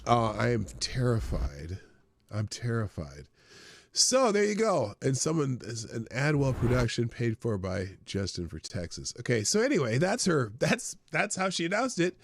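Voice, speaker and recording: A man's voice: mid-range voice, very animated, normal speed, few pauses. A man hosting a live stream, giving casual, sarcastic political commentary and thinking aloud.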